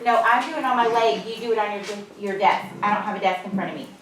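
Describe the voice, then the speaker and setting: A woman teacher leading a phonics lesson for a few children and explaining her method to watching teachers, with clear, drawn-out prompts. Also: mid-range voice, background noise. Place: classroom. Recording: echoey classroom from far off.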